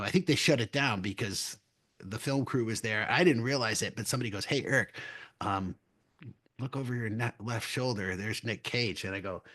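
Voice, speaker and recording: A middle-aged man co-hosts a casual trading podcast. He tells long, meandering stories, restarts his sentences often and chuckles along the way. His voice sits at an ordinary middle pitch. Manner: rambling storyteller, chuckles often, frequent restarts. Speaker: podcast co-host. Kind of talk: casual chat.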